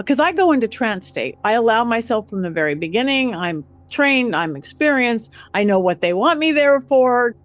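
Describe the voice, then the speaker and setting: A woman recounting an experience in animated storytelling. Her voice sits a little high, and she jumps into quoted voices of the people in her tale. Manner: acts out quotes with lively voices. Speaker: guest psychic medium.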